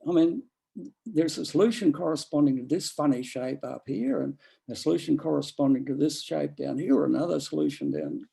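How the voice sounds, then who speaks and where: Man, seminar lecturer, mellow dark tone, rambling delivery with restarts. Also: fairly high pitch, big pitch swings, brisk, gravelly, slightly rough, rough recording. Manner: rambling with many restarts and fillers. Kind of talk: academic seminar talk.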